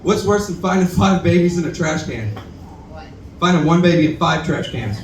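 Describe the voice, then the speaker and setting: A man's voice: a little high, lively intonation, normal speed, far from the mic, a little hiss or hum. A young man doing a rambling, self-deprecating, profane stand-up set and talking back to the crowd. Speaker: stand-up comedian at open mic. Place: bar stage, roomy and echoey. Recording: echoey bar room recorded from afar.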